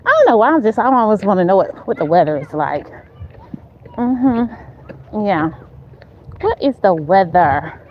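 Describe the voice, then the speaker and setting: Chatty woman host, unhurried, cheering viewers on from a walk, dull lo-fi phone sound. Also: mid-range voice, dark tone. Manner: chatty, talks straight to viewers, repeats herself; walking as she talks, upbeat and encouraging. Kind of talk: casual live-stream chat while walking. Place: outdoors on a neighborhood street. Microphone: phone held while walking.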